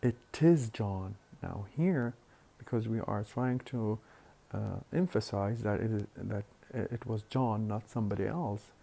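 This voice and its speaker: A man lecturing on phonetics, explaining slowly and deliberately with hesitant fillers and repeated words. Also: on the low side, gravelly, dark tone. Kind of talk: recorded university lecture.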